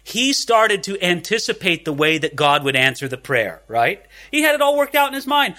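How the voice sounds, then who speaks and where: Bright, animated male preacher. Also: fairly quick, hardly any pauses. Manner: animated, swinging pitch, acting out quotes. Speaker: pastor. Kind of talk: expository sermon.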